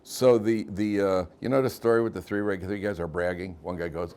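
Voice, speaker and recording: A man's voice: sits low, fairly quick, hardly any pauses, a little hiss or hum. A middle-aged man teaching a class as a rabbi, telling stories and jokes, often repeating and restarting his phrases. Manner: animated storyteller, repeats phrases, many restarts. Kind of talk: casual lecture with jokes.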